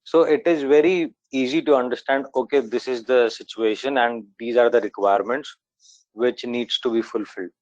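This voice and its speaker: A man's voice: medium pitch, fairly even intonation, normal speed, a little mellow, dry recording. A man answers politely in an online class, calling the teacher sir. His voice comes through dull, lo-fi call audio and sounds dry and close. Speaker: student.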